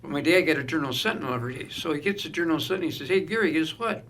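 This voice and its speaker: Speaking very fast in a slightly high voice, a middle-aged man appears as a guest telling casual stories. He's an animated narrator who performs the quoted voices of the people in them.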